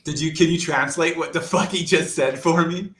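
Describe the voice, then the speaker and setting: A man's voice: on the high side, fairly even intonation, normal speed, a bit bright, reverberant. A Canadian man co-hosting a podcast, chatting casually with swearing, joking banter. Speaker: podcast co-host. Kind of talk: casual chat.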